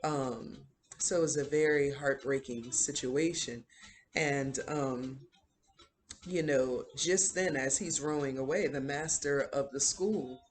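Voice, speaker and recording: A woman's voice: extremely low pitch, slow pace, slight background noise. A woman hosting a video who retells a series in a casual, rambling way, with many fillers. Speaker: video host. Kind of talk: casual show recap.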